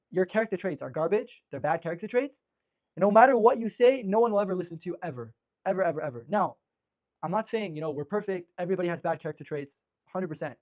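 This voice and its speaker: A man teaching an informal religious class, energetic, with many restarts and fillers. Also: high-pitched.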